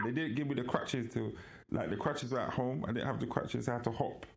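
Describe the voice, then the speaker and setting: A man, co-hosting a podcast in casual chat and telling animated stories with frequent laughter. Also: mid-range voice, fast talker, vocal fry. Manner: animated storytelling, laughs often. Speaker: podcast co-host.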